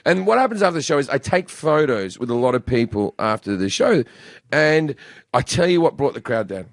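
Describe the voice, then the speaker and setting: A man's voice: medium pitch, very animated, brisk, no room sound, clean studio sound. A man with an Australian accent, a comedy show host chatting casually and telling stories, swearing freely. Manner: crude joking storyteller, swears freely. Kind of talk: casual podcast chat.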